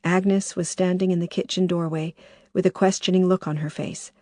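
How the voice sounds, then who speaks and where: A woman reading audiobook narration in a measured, even way. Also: lowish voice, dry recording, studio quality. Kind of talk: scripted narration.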